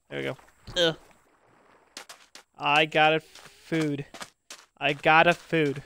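A young man streaming a game, chatting casually and excitably with many fillers and laughs. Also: fairly high pitch, a little slow, long pauses, smooth. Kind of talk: casual gaming chat.

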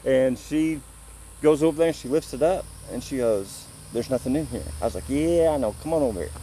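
A man from Illinois tells his story outdoors in a plain, easygoing way, acting out both sides of the exchange. His voice is mellow and dark, at an ordinary pitch, with a faint hiss of outdoor noise behind it. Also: a little fast, rough recording. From Illinois, USA. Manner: plain-spoken, retells events through quoted back-and-forth. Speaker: visitor telling what happened to him. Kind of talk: casual spoken storytelling.

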